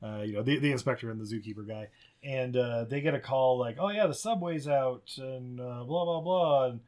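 A man's voice: mid-range voice, brisk, darkish tone. A man co-hosting a podcast, casually recapping a movie in a rambling, profane way, laughing often. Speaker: podcast co-host.

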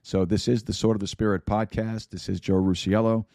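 A man with a scratchy, hoarse voice reads podcast announcements, stumbling over words and filling gaps with "uh". His voice sits very low and mellow, recorded dry and close. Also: little pitch movement, brisk, dry recording. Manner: rambling with stumbles and fillers. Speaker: podcast host. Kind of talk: casual announcements.

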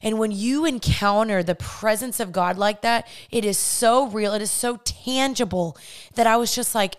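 A woman's voice: on the high side, moderate pace. A young woman podcast host telling a personal faith testimony in a candid, earnest, chatty way.

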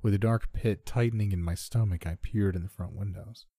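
A man narrates a horror story in a low, husky voice, keeping it measured and subdued. His tone is dark and mellow, and the sound is close and dry. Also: no room sound. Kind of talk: scripted first-person horror narration.

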